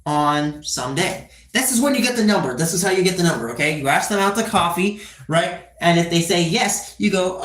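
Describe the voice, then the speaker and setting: A man's voice: high-pitched, animated, brisk, hardly any pauses, a bit bright, echoey room. A twenty-year-old man chatting casually on a live stream, rambling with crude joking asides and tagging "right?" onto his sentences. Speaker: livestreamer.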